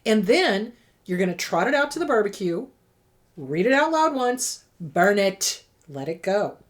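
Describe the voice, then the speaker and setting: Middle-aged woman therapist-host, emphatic advice talk, lively swooping pitch. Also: a little slow. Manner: emphatic, repeats words for stress. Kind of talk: direct-to-camera advice talk.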